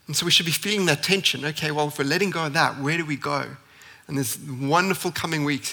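Bright-voiced man preaching a sermon. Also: a little high, in a large hall. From South Africa. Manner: earnest, building emphasis with repeated phrases. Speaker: pastor. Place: church.

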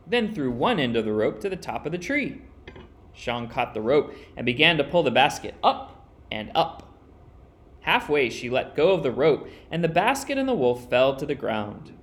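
A man reading a children's picture book aloud as storyteller, expressive and with dramatic pauses. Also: a little high.

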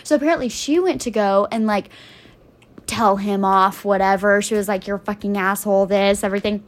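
A young woman guesting on a podcast, telling stories in a blunt, profane, animated way and laughing often. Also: mid-range voice, normal speed. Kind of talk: casual storytelling chat.

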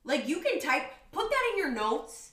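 A woman's voice: high voice, very animated, moderate pace, crowd noise. A young woman co-hosting a casual podcast, firing off blunt, sarcastic quips and swearing freely. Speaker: podcast co-host. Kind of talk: casual chat.

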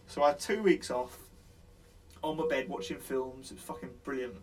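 A man's voice: medium pitch, a little fast. A man telling rambling, sweary war stories in casual chat, laughing as he goes.

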